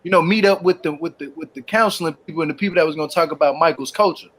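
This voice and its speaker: A man's voice: a little high, rapid-fire, fairly bright tone, slight background noise. A man with a Southern US accent telling stories in slangy casual panel chat.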